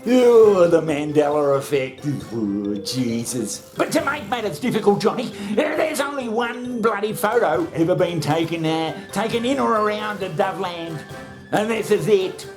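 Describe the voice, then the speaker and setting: A man's voice: high voice, normal speed, music in the background. A man hosting a comedy show, bantering crudely with himself, swearing and laughing at his own jokes. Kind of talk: comic monologue, bantering with himself.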